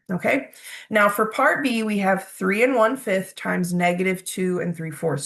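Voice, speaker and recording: A woman's voice: medium pitch, creaky, fairly bright tone. A woman math instructor patiently talking through problems step by step, checking in with "okay?" as she goes. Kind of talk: recorded math lecture.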